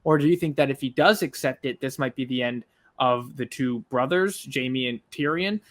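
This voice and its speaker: A man's voice: mid-range voice, normal speed, a bit bright. A man co-hosting a reaction show, casually posing long, rambling questions to his co-host. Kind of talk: casual discussion.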